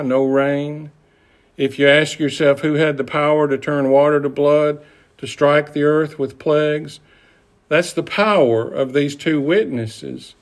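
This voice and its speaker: A man teaching a Bible study class, speaking deliberately with pauses and fillers. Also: fairly high pitch.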